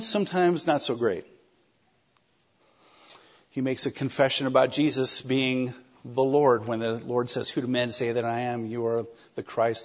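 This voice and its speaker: A man preaching a sermon in a conversational, animated way, acting out quoted lines. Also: mid-range voice, breathy edge, lo-fi sound.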